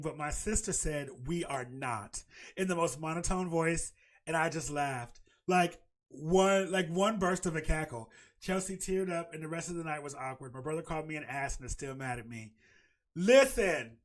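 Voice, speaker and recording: A man hosting a casual chat in a fairly high voice and an African American English accent. He reads a forum post aloud, then reacts with exclamations, swearing and bursts of cackling. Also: moderate pace. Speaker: podcast host.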